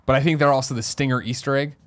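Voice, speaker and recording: Man, podcast co-host, quick talker, joking banter, mid pitch. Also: steady tone, a bit bright. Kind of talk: casual chat.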